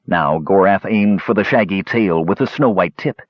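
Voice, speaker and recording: A man narrating a story in an expressive, dramatic reading, in a slightly muffled recording. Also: low-pitched, moderate pace, no echo.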